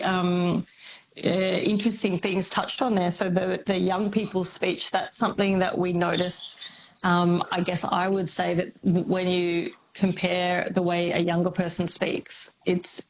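A woman's voice: on the low side, level tone, measured pace, low-quality recording. A woman who studies accents, explaining thoughtfully on a radio phone-in and laughing often. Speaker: linguistics academic guest.

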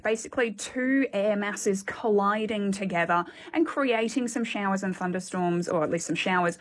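A woman on radio, chatting with giggles and giving a weather report. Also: mid-range voice. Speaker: weather presenter.

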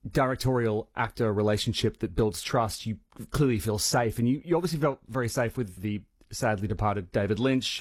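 Low-voiced interviewer, dry sound. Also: male voice, dry recording. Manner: fluent, long leading questions. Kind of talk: interview questions.

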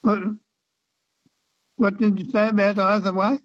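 A man's voice: high voice, level tone, measured pace, no room sound. A man calling in to a radio quiz, hesitant and unsure, with many ums. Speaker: caller, quiz contestant. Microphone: telephone. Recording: dull phone line.

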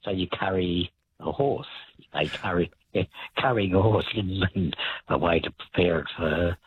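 A man calling into a radio show, explaining word origins in a hesitant, rambling way with many pauses. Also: low-pitched, noisy background. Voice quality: very raspy. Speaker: caller. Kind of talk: phone-in radio chat. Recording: tinny phone line.

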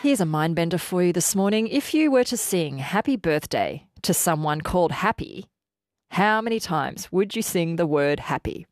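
Aussie lady radio host, low voice, chatty news bits, dry studio sound. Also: lively intonation, moderate pace, no echo. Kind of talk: casual radio news chat.

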